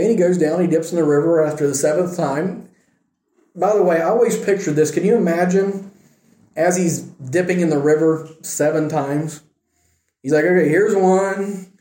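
In an echoey room, a Bible study teacher with a high, mellow voice shares stories with casual energy. He keeps things lively and peppers his telling with jokes on the side.

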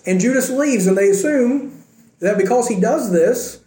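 A man's voice: very high voice, lively intonation, normal speed, warm tone. A man preaching a sermon in a conversational way, acting out the quoted lines as he tells the story. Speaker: pastor. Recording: echoey room.

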